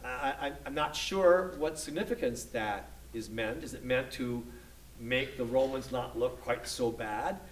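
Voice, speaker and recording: Slow-speaking man teaching scripture in an echoey room. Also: mid-range voice, far from the mic, slight background noise. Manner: unhurried, halting with restarts and checking "okay?". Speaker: Bible study instructor. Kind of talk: lecture on scripture.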